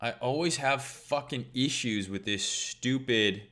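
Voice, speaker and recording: A man's voice: medium pitch, measured pace, bright, forceful tone. A man hosting a trading livestream, talking casually in a blunt, profane, rambling way.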